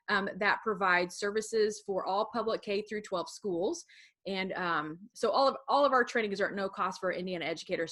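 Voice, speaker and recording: A woman in an online training session talks quickly and chattily, filling her speech with little fillers as she hurries through her material. She sounds relaxed and informal over a video call, and her voice sits at an ordinary pitch. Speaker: assistive technology specialist presenting a webinar. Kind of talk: casual, fast-paced webinar presentation.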